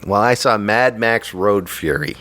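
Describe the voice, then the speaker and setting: Animated, rambling man in casual chat. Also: lowish voice, measured pace, no room sound. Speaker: podcast co-host.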